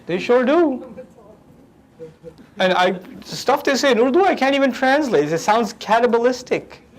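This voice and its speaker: A man teaching a lecture on the language of the Quran, animated and humorous, acting out quotes. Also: very high voice, normal speed, poor audio.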